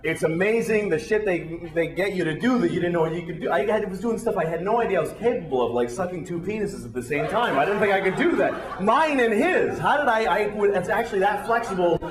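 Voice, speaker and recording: Profane animated male stand-up comic. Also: high voice, a little fast, few pauses, distant mic. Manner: profane, animated storytelling with acted-out voices. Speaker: stand-up comedian. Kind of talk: stand-up set before a live audience. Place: comedy club stage. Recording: roomy club with loud crowd laughter.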